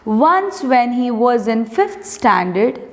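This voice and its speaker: Female teacher, Indian English accent, slow, word-by-word instructions to a young class, lingering reverb. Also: on the high side, sing-song. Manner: slow, deliberate, gives underlining instructions word by word. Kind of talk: reading a textbook lesson to young pupils.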